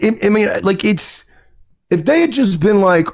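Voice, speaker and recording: A man's voice: sits high, animated, moderate pace, a little mellow. A man in a played clip, speaking in an indignant, sarcastic and profane way. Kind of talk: clip of a podcast rant.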